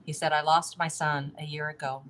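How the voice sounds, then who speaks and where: A woman's voice: low-pitched, level tone, brisk, fairly bright tone. Chatty woman guest on a video call. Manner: chatty, many fillers and restarts, laughs often. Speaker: interview guest. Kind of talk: casual conversational storytelling.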